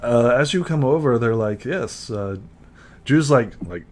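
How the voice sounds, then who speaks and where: A man's voice: mid-range voice, expressive, normal speed, darkish tone. A man narrating a tabletop game as game master in casual talk, giggling and using lots of fillers.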